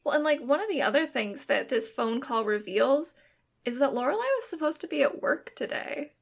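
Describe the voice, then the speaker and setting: A woman co-hosting a podcast in casual chat, chatty and quick to laugh. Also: high-pitched, big pitch swings, vocal fry. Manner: chatty, laughs often, many "like" fillers. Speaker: podcast co-host.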